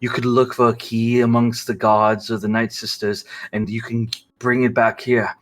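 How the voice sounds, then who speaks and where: A man voicing a scheming male prisoner who speaks low and affectionately to his lover. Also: level tone, moderate pace, a little hiss or hum, lightly acted. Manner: low and affectionate, angry when crossed.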